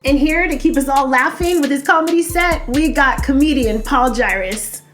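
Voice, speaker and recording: High-pitched woman host, chatty and encouraging, heard from a distance with music under her. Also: normal speed, a bit bright. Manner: chatty, laughs easily, encouraging. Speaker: radio show host. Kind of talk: casual interview. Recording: distant mic with music behind.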